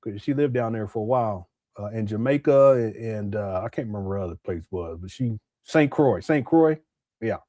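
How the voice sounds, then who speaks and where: A man's voice: on the low side, a little fast, warm tone, dry recording. A man giving casual live commentary over a video he is watching, laughing and making mocking asides. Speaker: livestream commentator.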